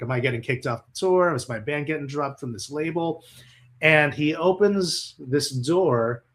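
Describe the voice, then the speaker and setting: A man being interviewed as a guest musician, telling stories casually with lots of swearing and acted-out quotes. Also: mid-range voice. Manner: animated, profane, acts out the quotes in his stories.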